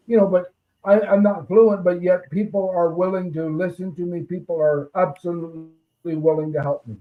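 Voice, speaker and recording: Guy hosting a chat over a tinny phone-ish line, kinda high voice, hesitant. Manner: hesitant, many fillers and restarts. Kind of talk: casual chat over a call.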